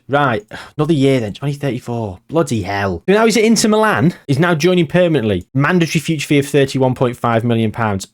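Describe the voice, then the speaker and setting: Sarcastic man, lively pitch. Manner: sarcastic, swears freely, jumps between topics. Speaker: gaming YouTuber. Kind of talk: casual game commentary.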